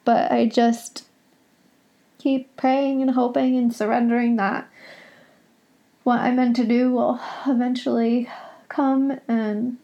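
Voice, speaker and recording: A woman's voice: a little high, gravelly, dull audio. A young woman hosting a solo podcast from home, talking in a rambling, emotional, confessional way. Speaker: podcast host.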